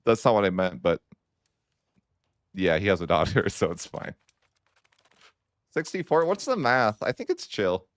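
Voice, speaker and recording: A man's voice: on the low side, sing-song, unhurried, pauses often, no echo. A man giving casual commentary over a strategy game, wry and mock-dramatic as he grumbles about his bad luck. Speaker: gaming YouTuber.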